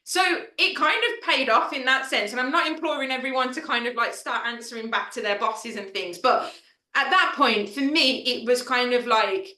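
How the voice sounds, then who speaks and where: Bright chatty woman, echoey room. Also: fairly high pitch, moderate pace. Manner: chatty, many fillers, emotional storytelling. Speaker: founder of an assistant network, fireside chat guest. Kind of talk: casual storytelling in a fireside chat.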